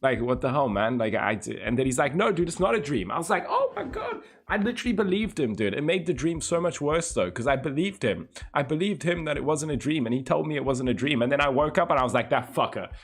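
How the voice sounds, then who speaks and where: A man's voice: on the high side, big pitch swings, fast talker, few pauses, slightly rough. Chatty young male livestreamer. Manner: chatty, teasing, swears freely. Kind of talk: casual chat with live viewers.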